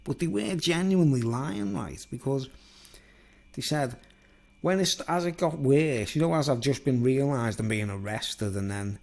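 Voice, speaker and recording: A man recounts a personal story in a casual, meandering way. His speech is loose and full of fillers like "like" and "you know", and his voice sits at an ordinary middle pitch for a man. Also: measured pace, creaky, a little mellow. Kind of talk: rambling spoken anecdote.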